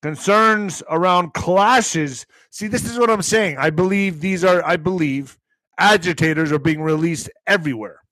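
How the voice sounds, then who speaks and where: A man's voice: fairly high pitch, measured pace, fairly bright tone, no echo, rough recording. A man hosting his morning show, rambling casually and profanely while reading news aloud with stumbles.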